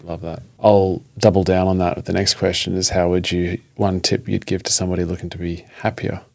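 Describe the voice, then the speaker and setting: A man's voice: low voice, little pitch movement, a little fast, vocal fry, dry recording. A man hosting a podcast, asking his guest questions in a friendly, hesitant way with many fillers. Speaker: podcast host. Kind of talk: interview closing questions.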